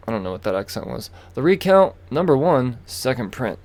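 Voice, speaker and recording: A man's voice: medium pitch, very animated, brisk, hardly any pauses, a little mellow. A man hosting a casual solo podcast, rambling and chatty, repeating himself and breaking off into asides. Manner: rambling, chatty, self-interrupting with fillers and repeats. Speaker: podcast host. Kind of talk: casual solo comic book chat.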